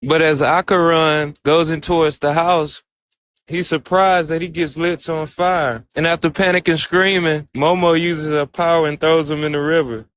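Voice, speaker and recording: A man's voice: on the high side, steady tone, moderate pace, fairly bright tone, slight background noise. A man casually recapping an anime episode in a loose, storytelling way, quoting the characters' lines as he goes. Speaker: anime reviewer.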